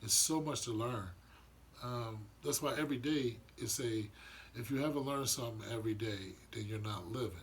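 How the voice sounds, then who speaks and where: A man's voice: medium pitch, normal speed, a little hiss or hum. A man giving an earnest, rambling monologue about spiritual matters, often restarting his sentences. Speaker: vlogger sharing spiritual views. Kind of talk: casual reflective monologue.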